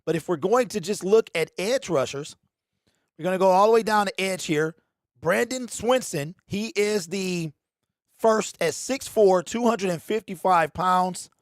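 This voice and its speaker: A man hosting a casual fan livestream, animated and slangy, talking straight to his chat. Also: high voice, measured pace, no echo, studio quality. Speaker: livestream host.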